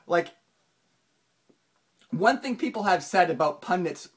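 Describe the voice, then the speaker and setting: A finance channel host giving casual video commentary, rambling with many restarts and fillers, and jumping up in pitch for emphasis. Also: a little slow, breathy edge. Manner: animated, pitch jumps up for emphasis.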